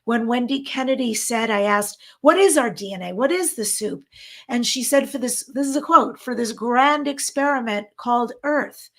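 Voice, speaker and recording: Woman, New York accent, middle-aged, effusive co-host, fairly high voice. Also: normal speed, fairly bright tone. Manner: effusive, gushing. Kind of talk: enthusiastic online summit hosting.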